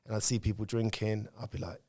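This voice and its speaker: A man's voice: on the low side, level tone, fast, a little mellow, dry recording, studio quality. A man, speaking as a podcast guest and telling candid stories about his own life in casual conversation. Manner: candid storytelling, reflective.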